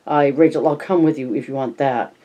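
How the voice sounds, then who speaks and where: Gruff older father, blunt and cautious, read by a male audiobook narrator. Little change from the reader's own voice. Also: medium pitch, a little fast, lo-fi sound, natural voice.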